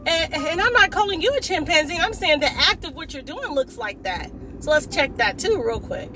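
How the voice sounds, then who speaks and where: Sassy high-voiced woman ranting in a car. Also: expressive, normal speed, over music. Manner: sassy, scolding, laughs often. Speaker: vlogger. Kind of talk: casual opinion monologue. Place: in a car while driving.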